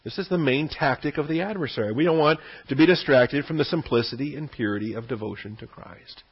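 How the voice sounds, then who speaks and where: A man's voice: mid-range voice, a little fast, husky. A man teaching a verse-by-verse Bible study in a conversational way, often repeating words and checking in with "okay?". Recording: dull lo-fi recording.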